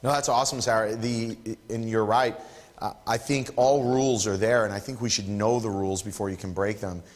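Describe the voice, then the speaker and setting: A man with a fairly low voice leads a live photography workshop in a studio. His delivery is emphatic and encouraging, with a playful streak, and a long reverb trails his words. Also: steady tone, brisk.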